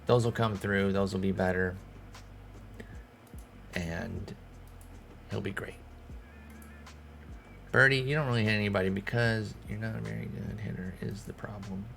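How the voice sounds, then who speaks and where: A man's voice: on the low side, steady tone, a little slow, creaky, pauses often, a bit bright, slight background noise. A man, thinking aloud in casual commentary as he manages a baseball team in a video game. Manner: thinking aloud, talking to himself and the players. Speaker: gaming streamer. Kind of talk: casual let's-play commentary.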